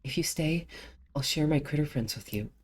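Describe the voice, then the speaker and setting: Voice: mid-range voice, normal speed, slightly rough, pitched above the performer's own voice, lightly acted. A streamer voicing a clingy, pleading girl. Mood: longing. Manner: begging, clingy. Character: pleading lonely girl who begs others to stay.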